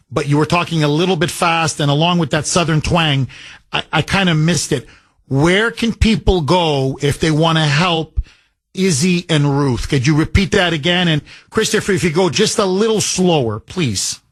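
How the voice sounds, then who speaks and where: A man's voice: a little high, moderate pace, fairly bright tone, no echo. A man hosting a talk radio show, emphatic and effusive as he takes callers. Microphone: studio microphone.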